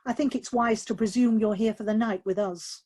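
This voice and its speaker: A woman's voice: a little high, steady tone, normal speed, darkish tone, breathy edge. A woman voicing a flamboyant older man who loves brandy, in a jokey theatrical manner. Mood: wry.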